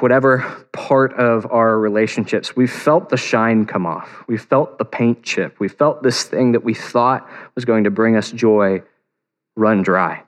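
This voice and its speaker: Man preaching a conversational sermon. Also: mid-range voice. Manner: conversational, earnest, slows for emphasis. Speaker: pastor.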